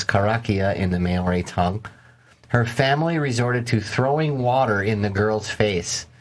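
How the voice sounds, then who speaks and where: Man co-hosting a paranormal podcast. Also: lowish voice. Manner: joking, profane asides while reading. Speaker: podcast co-host. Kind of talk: casual podcast chat, reading stories aloud.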